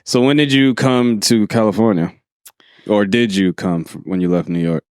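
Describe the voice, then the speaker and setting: A man's voice: on the low side, fairly even intonation, moderate pace, a little mellow, clear, resonant tone, dry recording, studio quality. A man hosting a podcast interview, asking blunt, teasing questions. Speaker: podcast host. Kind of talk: casual interview chat.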